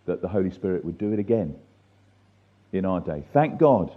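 Deep male study leader, slow deliberate scripture reading, tinny phone-quality audio. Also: sing-song. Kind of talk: leading a church Bible study.

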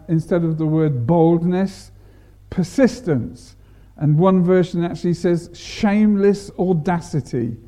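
Guy giving a sermon, unhurried, warm dark tone, stresses words, restarts a lot. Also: a little high. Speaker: preacher.

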